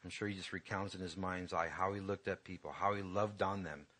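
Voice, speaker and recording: A man's voice: low-pitched, steady tone, fairly quick, bright, forceful tone. A man pastor preaching a conversational sermon to his congregation, building to emphatic peaks.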